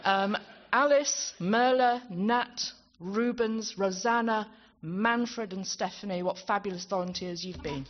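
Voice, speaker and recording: With a medium pitch and slow delivery, a woman thanks people on stage during a conference closing ceremony, speaking into a handheld mic. She comes across as chatty and self-deprecating, stumbling as she talks. Crowd noise sits behind the dull hall sound.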